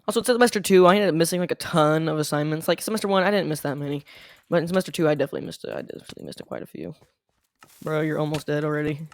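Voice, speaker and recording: A man's voice: fairly high pitch, steady tone, rapid-fire, no room sound. A young man telling a rambling school story while playing a game, full of "like" fillers. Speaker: gaming channel host. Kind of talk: casual storytelling over gameplay.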